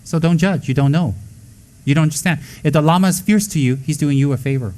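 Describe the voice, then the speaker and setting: A man's voice: on the high side, quick pace, a little mellow. A man teaching as a Buddhist lama in an informal talk, emphatic and blunt, mixing jokes with rhetorical questions.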